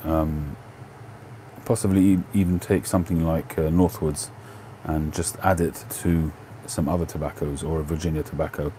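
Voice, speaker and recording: A middle-aged man with a London Cockney accent, hosting a livestream and casually answering viewer questions in a relaxed, rambling way with lots of ums and self-corrections. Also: rumbling low, normal speed, a little hiss or hum. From England. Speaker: livestream host.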